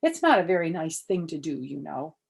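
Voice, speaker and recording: A woman's voice: low voice, sing-song, brisk, creaky, slightly rough, heavily acted. An older woman voicing a firm, scolding mother in a storybook reading. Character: scolding mother of a young girl.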